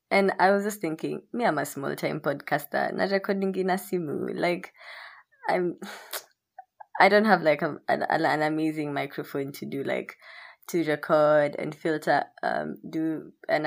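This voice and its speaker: A woman's voice: low voice, steady tone, a little slow, gravelly. A young woman hosting her own podcast, chatting candidly and rambling, with frequent swearing. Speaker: podcast host. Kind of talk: casual solo podcast chat.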